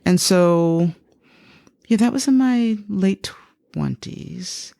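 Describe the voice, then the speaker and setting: A woman in her fifties, a psychotherapist being interviewed, telling a personal story in a lively way and acting out the voices she quotes. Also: drawn-out words, vocal fry. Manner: animated, acts out quoted speech with big pitch jumps. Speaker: psychotherapist guest.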